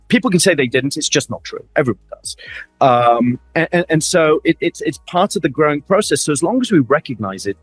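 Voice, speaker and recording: A man's voice: on the high side, breathy edge, dry recording. A middle-aged man with a Middle Eastern accent, a guest in a fireside chat, telling stories with animation, acting out quoted lines and often repeating words. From Middle East. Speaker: interview guest, family office advisor.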